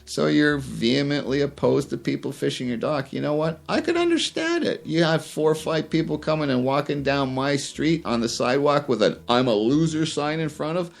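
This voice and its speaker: A man's voice: on the high side, expressive, normal speed, vocal fry, few pauses. A man hosting a fishing podcast, rambling and heated, with many fillers and restarts. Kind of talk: casual opinion rant.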